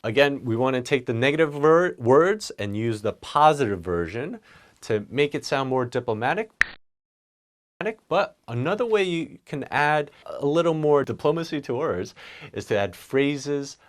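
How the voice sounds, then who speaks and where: A man teaching a business English lesson with a lively, swinging pitch. He acts out the example phrases as he goes and keeps a relaxed, conversational tone. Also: a little slow.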